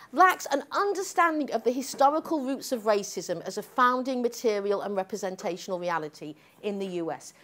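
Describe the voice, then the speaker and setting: An older woman from the United States giving an emphatic, sardonic public lecture as a professor, often tagging her points with "okay?" and "right?". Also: medium pitch.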